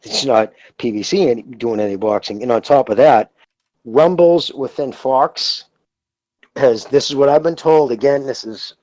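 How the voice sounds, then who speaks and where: A man's voice: mid-range voice, moderate pace, darkish tone, no room sound, lo-fi sound. A man with a Boston accent calling in to a podcast, talking bluntly and with profanity in casual chat. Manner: blunt, profane, gossipy insider talk. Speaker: caller.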